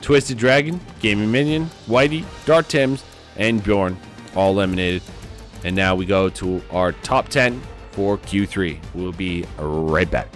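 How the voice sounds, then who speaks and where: A man giving live commentary on a sim race, a bit tipsy, swinging from low mutters to loud excited calls. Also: measured pace, soft background music.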